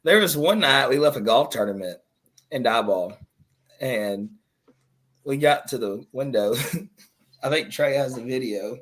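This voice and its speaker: A man's voice: mid-range voice, lively intonation, unhurried, long pauses, a bit bright. A young man, co-hosting a podcast and chiming in with short, jokey remarks. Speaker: podcast co-host. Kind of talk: casual chat.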